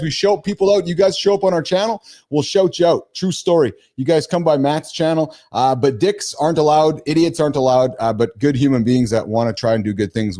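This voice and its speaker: A man hosting a casual live stream who talks excitably and repeats himself. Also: mid-range voice.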